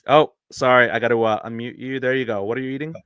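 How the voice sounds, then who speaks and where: Male podcast host, mid pitch, halting casual delivery full of fillers, dry close recording. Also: fairly even intonation, clean tone, dry recording, lo-fi sound. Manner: rambling, hesitant, many fillers. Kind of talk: live-streamed podcast chat.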